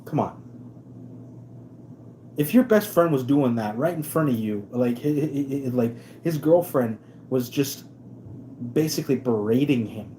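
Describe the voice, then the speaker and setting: Mellow-voiced man ranting sarcastically. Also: mid-range voice, lively intonation, a little slow, long pauses, a little hiss or hum. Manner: sarcastic, emphatic, lots of restarts. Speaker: live stream host. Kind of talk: casual ranting commentary.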